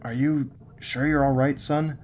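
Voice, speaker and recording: A man voicing a worried middle-aged father in a creepypasta reading, measured and sighing. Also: mid-range voice, flat delivery, darkish tone, a little hiss or hum, pitched above the performer's own voice, natural voice. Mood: worried, stern.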